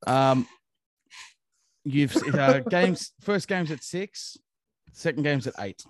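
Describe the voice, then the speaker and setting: An Australian man telling stories in casual chat, animated and swearing freely as a co-host. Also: a little high, slow, slight background noise. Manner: heavy swearing, animated storytelling. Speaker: podcast co-host.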